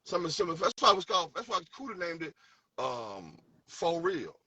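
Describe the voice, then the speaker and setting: A man's voice: a little high, moderate pace, slightly rough, dry recording, distant mic, highs cut off. A man with a St. Louis accent, telling stories in a casual debate, acting out quotes with lots of restarts. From St. Louis, USA. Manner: animated storytelling, acts out quotes, many restarts. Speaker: debater recalling music history.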